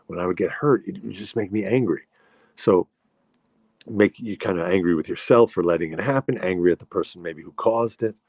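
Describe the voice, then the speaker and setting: A New York man with a deep voice hosts a live-stream chat, telling rambling stories full of restarts and replying to viewer comments. The recording is dry and lo-fi.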